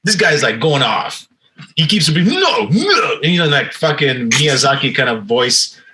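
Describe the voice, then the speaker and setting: A man's voice: medium pitch, moderate pace, rough recording. A man telling a bar story in casual podcast chat, profane and acting out what people said. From Canada. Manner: animated, profane, acts out quotes. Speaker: podcast host.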